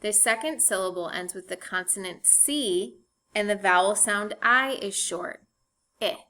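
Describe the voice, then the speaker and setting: A woman teacher giving a recorded phonics lesson, speaking clearly and spelling words out letter by letter. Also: medium pitch, measured pace, pushed and bright.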